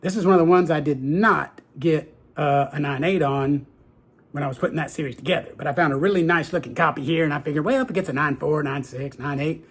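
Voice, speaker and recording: A middle-aged man chats casually and eagerly as he unboxes his graded collection, repeating his favorite phrases. His voice sits a bit high, with a gravelly, husky edge. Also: fast, a bit bright. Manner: enthusiastic and folksy, repeats "very cool" and "that's right". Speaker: comic book collector and video host.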